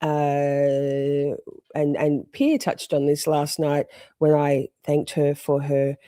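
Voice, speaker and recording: A woman's voice: deep voice, little pitch movement, slow pace, mellow, no echo, studio quality. A woman live streaming, rambling in casual chat, swearing freely and greeting viewers in the chat.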